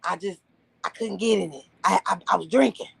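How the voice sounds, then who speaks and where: A woman's voice: mid-range voice, fairly quick, gravelly, slightly rough, voice pushed down, exaggerated voice. A woman voicing her stubborn, tipsy middle-aged father, curt and offhand.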